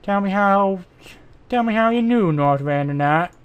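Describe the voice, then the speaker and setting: A man's voice: sits high, expressive, measured pace, smooth, lo-fi sound, voice pushed up. A man voicing a stern, formal male police inspector in a mystery game, attempting a Scottish accent. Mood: probing. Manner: formal, probing questions.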